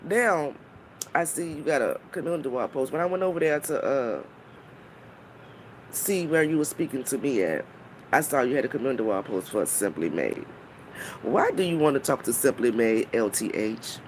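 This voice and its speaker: A blunt, foul-mouthed woman ranting on her live stream, her pitch swinging widely as she mocks and scolds. She breaks off now and then to greet viewers in the chat, then goes straight back to her point. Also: lively intonation, moderate pace, a little hiss or hum. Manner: blunt, profane and mocking.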